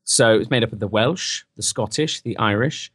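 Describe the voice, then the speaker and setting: A man's voice: on the low side, moderate pace, husky, no room sound, studio quality. An English man co-hosting a podcast, joking around in casual chat and slipping into silly voices. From England. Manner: jokey, slips into silly put-on voices. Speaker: podcast co-host.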